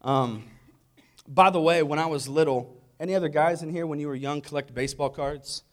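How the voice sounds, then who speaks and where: Man preaching with jokes and audience questions, higher voice. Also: brisk. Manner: jokey, asks the audience questions. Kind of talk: humorous sermon talk.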